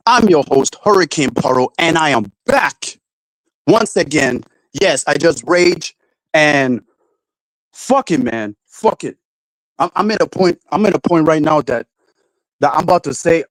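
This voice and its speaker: A man hosting a livestream, irritated and swearing through rambling rants that keep restarting. His voice sits a bit high for a man, and it is captured dry and close with no room sound. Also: no room sound, poor audio. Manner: swears constantly, rants and restarts, raises voice when angry. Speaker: livestream host. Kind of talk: casual profane livestream chat.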